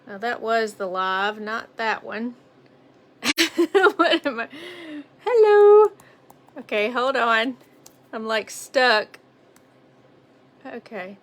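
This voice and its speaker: A woman with a Southern US accent talks her way through a live painting tutorial, recorded on a phone. Her voice sits a little high and sounds crisp and bright. She keeps up a friendly, chatty patter and greets her viewers by name. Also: fairly even intonation, slow, pauses often. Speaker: painting instructor on a livestream. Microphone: phone on a mount.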